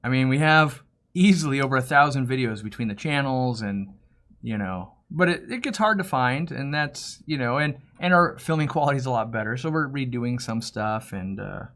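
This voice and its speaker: A man's voice: medium pitch, normal speed. A middle-aged man hosting a live question-and-answer stream, talking casually and acting out back-and-forth conversations in quoted voices. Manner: animated, acts out customer dialogues in quoted voices. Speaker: host of a fish-keeping Q&A live stream.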